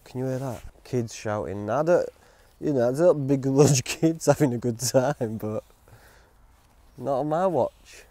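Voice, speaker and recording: A man's voice: medium pitch, unhurried, warm tone, no room sound. A man with a grumbling, rambling and self-mocking manner, chatting casually in the woods as he reviews outdoor gear. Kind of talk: casual vlog chat.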